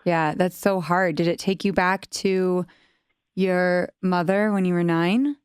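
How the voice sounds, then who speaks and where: A woman's voice: on the low side, steady tone, slow pace, clear, resonant tone, no room sound, clean studio sound. A woman hosting a podcast, asking short prompting questions of her guest. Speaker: podcast host. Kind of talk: interviewer questions.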